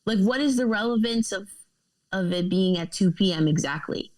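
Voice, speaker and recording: A woman's voice: medium pitch, animated, normal speed, a little mellow, rough recording. A woman co-hosting a podcast, reading news articles aloud with casual asides and laughs.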